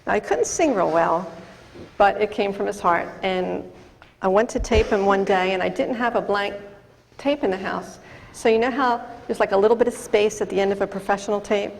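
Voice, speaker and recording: Middle-aged woman, mid-pitched, earnest talk to an audience in an echoing hall. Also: normal speed, vocal fry, slight background noise. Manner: earnest, talks directly to the audience with questions. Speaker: speaker on drunk-driving prevention. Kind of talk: personal testimony talk to an audience. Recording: long reverb from a large hall.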